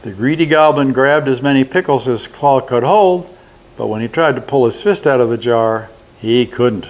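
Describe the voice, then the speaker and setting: An older man reads a children's holiday story aloud at an unhurried pace. His own voice is in a middle range, steady and deliberate between the character parts. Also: medium pitch. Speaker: resident reading a story.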